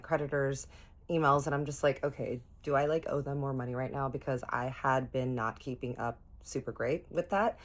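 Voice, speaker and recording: A young woman with a very low voice tells a storytime to her viewers. She is animated and profane, talking straight to the camera in a casual vlog. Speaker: vlogger.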